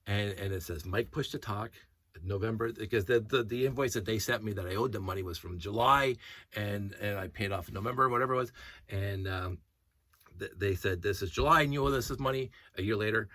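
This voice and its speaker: Male vlogger: husky and forceful, dry close sound, telling a story in an indignant, rambling way. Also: lowish voice, fairly quick, no room sound. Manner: animated and indignant, rambling retelling. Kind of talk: casual storytelling rant.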